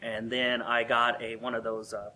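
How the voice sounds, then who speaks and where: An interview guest, a man with a bright, forward voice, recalls his days working at a theme park. He talks casually and with energy, laughing often and acting out the people he met. A faint hiss sits under the talk. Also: medium pitch, moderate pace. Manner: animated, laughs often and acts out quoted guests.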